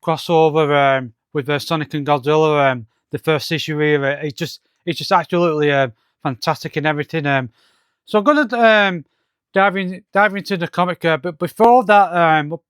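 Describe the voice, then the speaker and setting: A man's voice: a little high, normal speed, a bit bright, smooth, dry recording, clean studio sound. Hesitant man reviewing a comic. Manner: hesitant, many fillers and restarts.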